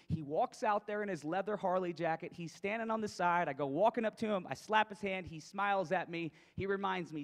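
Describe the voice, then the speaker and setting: A man's voice: high voice, a little fast, hardly any pauses, in a large hall. A man giving a motivational keynote to coaches, telling a personal story and acting out his own thoughts. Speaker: speaker at a coaches' conference.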